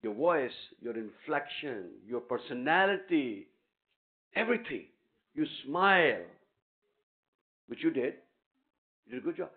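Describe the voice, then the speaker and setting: A man's voice: medium pitch, sing-song, measured pace, pauses often. A man giving a guest lecture in a hall, teasing and coaxing students up onto the stage. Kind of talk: interactive classroom lecture. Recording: tinny phone-like recording.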